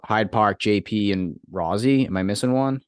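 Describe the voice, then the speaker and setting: Low-voiced rambling man, dry sound. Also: normal speed, clear, resonant tone, dry recording. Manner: rambling, hedging, swears. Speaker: podcast co-host. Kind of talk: casual chat.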